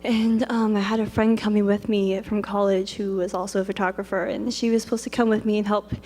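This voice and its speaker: A woman's voice: mid-range voice, little pitch movement, fairly quick, dark tone. A young woman telling a personal story in a chatty, rambling way. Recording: long reverb.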